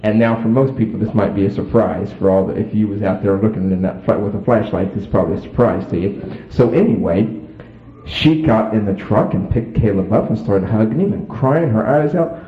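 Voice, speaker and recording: A man telling a story to an audience in a folksy, animated way, acting out voices. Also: on the low side, brisk. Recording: echoey tinny phone-like sound.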